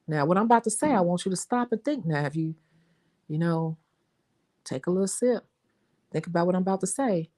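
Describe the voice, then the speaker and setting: Woman, young adult, Chicago accent, nail tech vlogger, talkative, lively storyteller. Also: on the low side. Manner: chatty, animated storytelling, says y'all. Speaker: nail technician and channel host. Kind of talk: casual chat to viewers.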